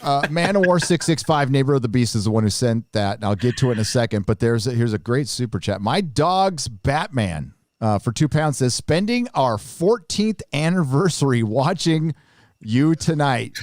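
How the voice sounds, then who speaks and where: A man's voice: mid-range voice, animated, moderate pace, no echo, clean studio sound. A man hosting a live show, chatting casually and rambling with lots of swearing and restarts. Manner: profane, rambling, restarts often. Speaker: podcast host.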